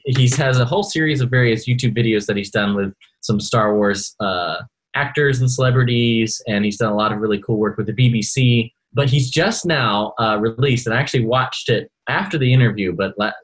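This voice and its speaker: Husky-voiced man chatting as podcast co-host. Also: lowish voice, rough recording. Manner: rambling, many fillers and restarts. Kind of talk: casual podcast chat.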